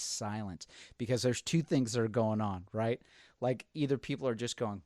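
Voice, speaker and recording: A man's voice: fairly low pitch, brisk, dry recording, clean studio sound. A man hosting a casual podcast chat, telling stories with energy and acting out the people he quotes. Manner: animated storyteller, acts out quotes. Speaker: podcast host.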